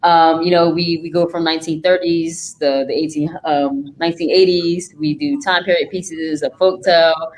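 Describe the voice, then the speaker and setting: A woman guest in a casual talk, animated and laughing often. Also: low voice, moderate pace, poor audio. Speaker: guest filmmaker. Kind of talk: casual chat. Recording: faint background noise.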